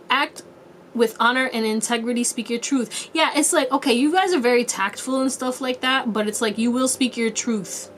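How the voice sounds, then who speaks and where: A woman with a slightly high voice gives her viewers a casual tarot reading, with a little background noise. She's playful and chatty, using lots of slang and laughing often.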